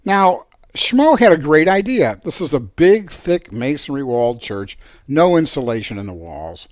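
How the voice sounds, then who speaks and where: A man, an architect, telling a story from his career in an animated, emphatic way. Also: on the high side, unhurried, dry recording, highs cut off. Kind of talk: storytelling monologue.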